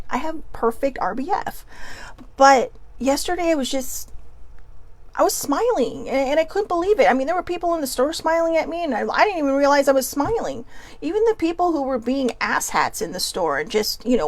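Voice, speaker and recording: A woman host with a slightly high voice talks in a loose, chatty way and acts out little exchanges as she goes. The sound is close and dry, with no room around it. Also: no room sound. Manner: chatty, storytelling, acting out quotes. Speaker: show host. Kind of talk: motivational casual monologue.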